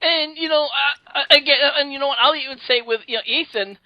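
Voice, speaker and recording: A man's voice: very high-pitched, fairly quick, dry recording, lo-fi sound. A man co-hosting a casual wrestling review chat, earnest and stammering through his opinions. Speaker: co-host.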